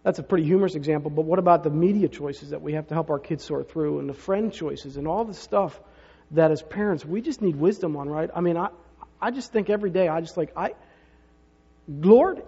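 With a fast, warm voice on the high side that is both gravelly and husky, a pastor delivers a sermon of conversational stories and rhetorical asides to the congregation. The hall is reverberant and the sound dull and lo-fi.

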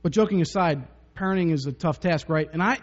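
This man's sermon is full of personal anecdotes and jokes, delivered conversationally with frequent chuckles. He speaks briskly at a fairly high pitch, and the sound is muffled and dull under long reverb.

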